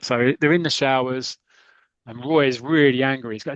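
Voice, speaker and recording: A man's voice: medium pitch, fairly even intonation, normal speed, no room sound, highs cut off. A man hosting a podcast, casually retelling a comic story in a rambling, chatty way. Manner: rambling, many fillers and restarts, chatty. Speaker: podcast host.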